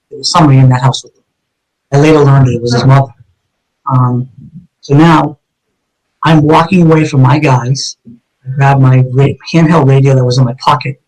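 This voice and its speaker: A man's voice: medium pitch, darkish tone, low-quality recording. A middle-aged man, a retired detective, telling his story as an interview guest in a vivid, intense way, often restarting and repeating words. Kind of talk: dramatic first-person storytelling in an interview.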